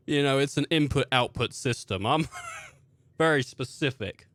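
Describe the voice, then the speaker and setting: A young man streams a game and fills the time with profane, rambling comic rants. He acts out everyday characters along the way. His voice is bright and forceful, close and dry, with no room around it. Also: medium pitch, unhurried, dry recording. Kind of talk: casual gameplay commentary.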